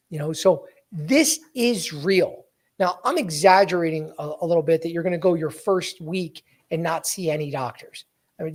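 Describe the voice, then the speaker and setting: A man hosting a live podcast as a sales coach, talking energetically and directly to his listeners, often repeating or correcting himself mid-sentence. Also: high voice. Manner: energetic, direct, keeps addressing listeners as guys. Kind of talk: live podcast, motivational talk.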